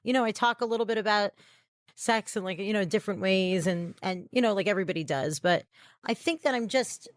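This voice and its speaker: A woman's voice: mid-range voice, fairly quick, no echo, studio quality. A young woman comedian chatting casually as a podcast guest, laughing often and filling her talk with "like" and "you know". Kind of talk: casual interview chat.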